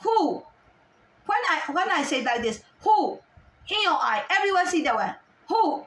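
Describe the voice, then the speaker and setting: A high-pitched woman rants and scolds at length, throwing out question after question in halting non-native English. She sounds a little far from the mic, and her voice carries the echo of a roomy space. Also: big pitch swings, a bit bright. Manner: agitated, scolding, repeated rhetorical questions. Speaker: vlogger. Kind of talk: ranting monologue to camera.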